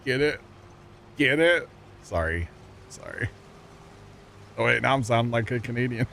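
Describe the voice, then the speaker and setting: A man's voice: mid-range voice, expressive, normal speed, vocal fry, long pauses, pushed and bright, slight background noise. A man from the United States live-streaming a farming game, chatting casually with his viewers in a rambling, jokey way and laughing often at his own puns. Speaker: livestreamer. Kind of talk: casual chat with viewers while gaming.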